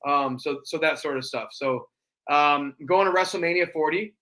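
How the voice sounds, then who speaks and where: A man as a guest in a casual chat, telling stories in an animated way. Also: a little high. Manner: animated storyteller, quick restarts and fillers.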